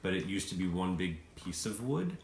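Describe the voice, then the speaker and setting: A male game master narrating a tabletop game, his pitch lively and animated as he stumbles and laughs through the scene. The recording is echoey with a faint hiss. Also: moderate pace. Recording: echoey room, faint noise.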